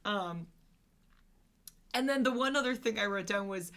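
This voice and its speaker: A woman in her thirties co-hosting a podcast, chatting about a movie in a lively way and laughing often. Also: medium pitch, unhurried. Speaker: podcast co-host. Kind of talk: casual movie-discussion chat.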